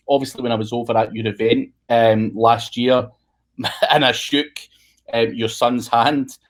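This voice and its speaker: Man, podcast host, chatty and joking, casual swearing, mid pitch.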